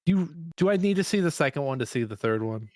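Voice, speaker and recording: A man co-hosting a movie podcast, chatting casually with wry, profane, animated reactions. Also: mid-range voice, fast talker, no echo, clean studio sound. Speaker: podcast co-host. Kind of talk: casual movie review chat.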